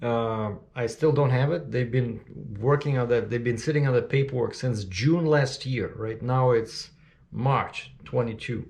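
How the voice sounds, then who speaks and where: A man's voice: medium pitch, a little slow, vocal fry, darkish tone. A man talking casually to the camera in a rambling vlog, full of fillers and self-corrections. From Russia. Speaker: trucker vlogger.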